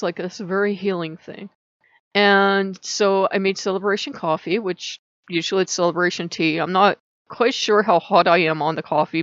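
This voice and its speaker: A middle-aged woman chatting casually in a rambling vlog, her pitch often jumping up mid-sentence. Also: gravelly, dry recording, highs cut off. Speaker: vlogger. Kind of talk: casual spiritual vlog chat.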